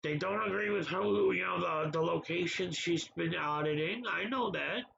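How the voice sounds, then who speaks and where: A man's voice: high-pitched, normal speed, vocal fry, bright, forceful tone, highs cut off, a little hiss or hum. A man hosting a casual livestream, talking back to viewers in the chat by name in an exasperated way. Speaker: livestream host.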